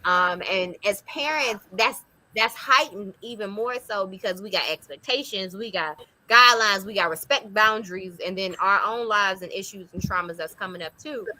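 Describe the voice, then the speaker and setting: Bright-voiced young mother hosting a chat. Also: medium pitch, moderate pace, no room sound, rough recording. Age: young adult. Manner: earnest, conversational. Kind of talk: casual discussion.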